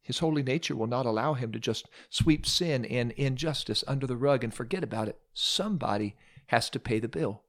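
Male preacher, dramatic sermon storyteller with wry asides. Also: medium pitch.

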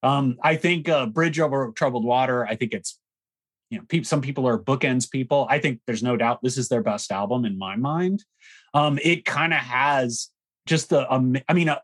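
A man co-hosting a music podcast, talking casually and frankly, with plenty of fillers and blunt opinions. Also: mid-range voice. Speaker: podcast co-host. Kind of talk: casual chat about music history.

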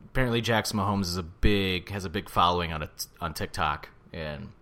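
A man's voice: low voice, a little fast, bright, forceful tone. A man co-hosting a casual podcast, from the St. Louis area, joking and swearing loosely about sports and ads. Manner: loose, profane, jokey banter. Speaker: podcast co-host.

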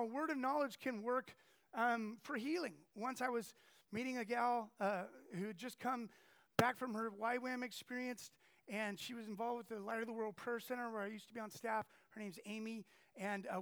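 A man preaching a sermon through animated stories, acting out the people he quotes. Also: very high voice, creaky. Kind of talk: storytelling sermon.

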